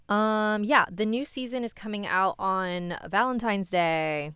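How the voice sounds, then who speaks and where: Smooth-voiced woman reading scary stories. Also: mid-range voice, measured pace, hardly any pauses, fairly bright tone, dry recording. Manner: reads chat aloud, chatty asides. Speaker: host reading listener stories.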